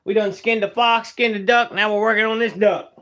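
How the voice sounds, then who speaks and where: Working on a live stream as a taxidermist, a young man talks in a relaxed way, welcoming viewers one at a time and using loose, easygoing grammar. His slightly high voice is a little fast, bright, and forceful, though his delivery is flat.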